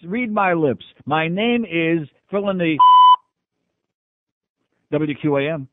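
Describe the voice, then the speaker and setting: A man hosting a call-in radio talk show, gruff, sarcastic and dismissive toward callers. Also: a little high, animated, slow, no echo. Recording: tinny phone-like radio broadcast.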